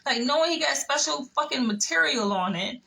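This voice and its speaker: A young adult woman from Florida, telling stories in a blunt, profane, animated casual chat. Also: sits high, a little fast, creaky, poor audio. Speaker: vlogger.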